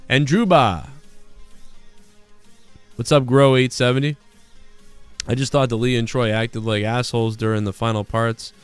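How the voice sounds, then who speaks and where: A man talking loosely while he plays a game on stream, drifting from small talk into a worked-up rant. His voice is smooth and clear, sitting at a middle pitch, with faint music playing behind him. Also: no room sound. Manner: rambling, heated retelling of an argument. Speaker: gaming streamer. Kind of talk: casual live-stream chat while gaming.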